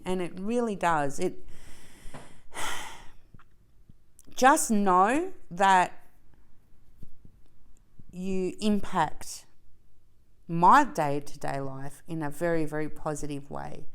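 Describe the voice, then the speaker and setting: A woman talking casually to her viewers while she finishes a craft project, effusive and chatty, with sudden excited squeals. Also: on the low side, clear, resonant tone. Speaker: diamond painting vlogger.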